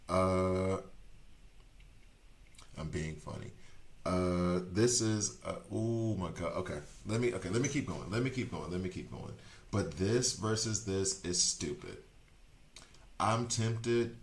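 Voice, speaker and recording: A man streaming a video game, chatting casually and rambling as he second-guesses his choices out loud. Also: low voice, creaky, roomy sound. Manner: chatty, rambling, self-correcting. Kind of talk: casual gameplay commentary.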